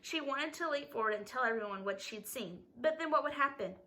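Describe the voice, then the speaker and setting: A woman's voice: high-pitched, lively intonation, fairly quick, pushed and bright, rough recording. A woman reading a novel aloud expressively, stumbling over a word now and then. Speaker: reader.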